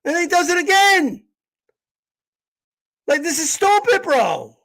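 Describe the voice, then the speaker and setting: A man's voice: extremely high pitch, sing-song, slow pace, vocal fry, sharp tone. A man hosting a boxing channel livestream, ranting in a blunt, profane, confrontational way. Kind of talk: livestream rant.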